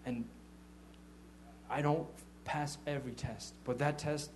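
A man giving an informal testimony sermon as a church leader, telling animated stories and acting out what people said, with frequent stammered restarts. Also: mid-range voice, takes it slowly, a little hiss or hum. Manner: animated storytelling, acting out quotes.

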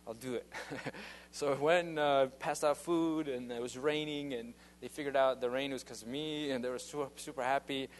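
A man tells his testimony in a loose, earnest ramble, full of fillers and restarts. His voice sits at an ordinary middle pitch. A faint hum and light noise run under the recording. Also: fairly even intonation, normal speed. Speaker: youth minister giving a testimony. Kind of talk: casual spoken testimony.

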